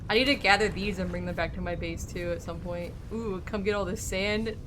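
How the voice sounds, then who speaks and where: A woman streamer chatting casually with her viewers while playing a game, her voice a bit worn as she says she is losing it, with excitable little exclamations. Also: fairly low pitch, brisk, background noise. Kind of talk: casual live gameplay commentary.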